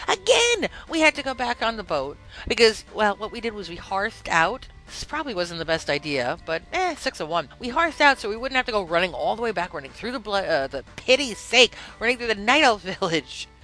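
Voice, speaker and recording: Animated woman telling a gaming story. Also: on the high side, brisk, hardly any pauses, low-quality recording. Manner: animated, acts out quotes in varied voices. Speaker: podcast host. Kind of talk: casual storytelling.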